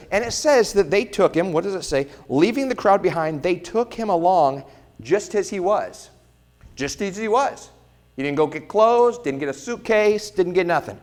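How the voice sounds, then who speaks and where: A male pastor preaching a conversational sermon who keeps checking in with the congregation and acts out the quoted lines in little voices. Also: sits high.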